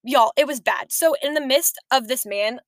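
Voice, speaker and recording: A young woman co-hosting a podcast, telling stories in a chatty, animated way. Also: high voice, normal speed, no echo. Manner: chatty, storytelling, animated asides. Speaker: podcast co-host. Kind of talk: casual chat.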